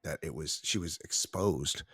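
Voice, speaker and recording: A man co-hosting a crude comedy sports podcast, animated and breaking into silly voices. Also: extremely low pitch, a little slow, breathy edge, no room sound, studio quality. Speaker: podcast co-host.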